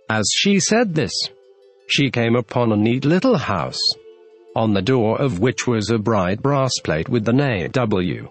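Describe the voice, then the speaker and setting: A man reading a classic storybook aloud as narrator, in a measured, even storytelling manner. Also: mid-range voice, faint music behind. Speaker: audiobook narrator.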